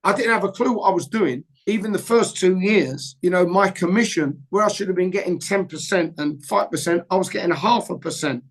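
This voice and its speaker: A man's voice: high voice, a little fast, hardly any pauses, poor audio. An older man, a football agent guest telling anecdotes in an interview and acting out both sides of old conversations. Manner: lively storyteller who acts out both sides of old phone calls.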